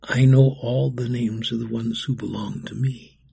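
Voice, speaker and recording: A gentle, kindly king, as a male storyteller voices him speaks low and soft. His voice is gravelly and very husky, close to a hush. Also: fairly even intonation, measured pace, heavily acted.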